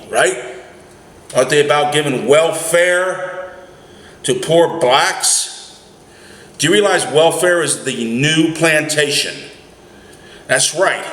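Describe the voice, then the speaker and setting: A cab driver with a medium-pitched, fairly bright voice launches into a heated, emphatic political rant packed with rhetorical questions. It's an opinionated vlog recorded in an echoey room with faint ambience.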